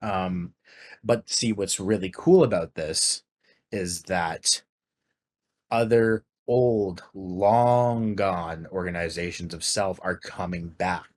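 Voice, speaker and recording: Slow and steady in tone, a Canadian podcast co-host speaks in a low, slightly mellow voice. His casual chat rambles, with many fillers and false starts.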